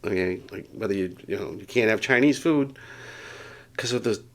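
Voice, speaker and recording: A man's voice: lowish voice, moderate pace. A middle-aged man vlogging casually, telling a rambling story with chuckles and self-deprecating asides while getting over a bout of dizziness. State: recovering from dizziness.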